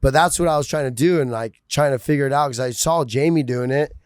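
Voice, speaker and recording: A man's voice: medium pitch, fast talker, clean tone, dry recording, studio quality. A man hosting a podcast in casual chat, laid-back and swearing freely, saying "dude" a lot. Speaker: podcast host.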